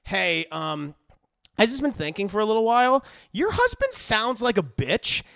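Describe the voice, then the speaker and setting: An overeager suitor talks earnestly, stumbling over his fillers, as a man acts him out. His voice is bright, with a gravelly edge. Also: high voice, huge pitch swings, no room sound, studio quality, heavily acted. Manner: awkwardly earnest, with halting fillers. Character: smooth-talking, overeager handsome man, adult.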